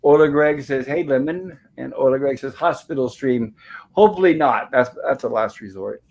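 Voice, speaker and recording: A man's voice: medium pitch, normal speed, vocal fry, a little mellow. A man hosting a live-streamed review show, greeting viewers and reading chat messages aloud in a friendly, rambling way. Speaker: podcast host.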